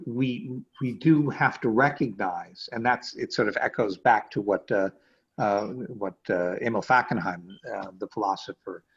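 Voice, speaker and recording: A man teaching as a rabbi in an easygoing lecture, pausing often with fillers and restarting his phrases. His voice is somewhat husky. The video call audio comes through dull and lo-fi. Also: on the low side. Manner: hesitant, many fillers and restarts. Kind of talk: conversational lecture.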